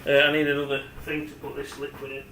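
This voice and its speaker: A man's voice: mid-range voice, completely flat delivery, quick pace, roomy sound, heavy background noise. A man, rambling chattily as he demonstrates cooking at home and talks to the camera. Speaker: home cook. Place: home kitchen.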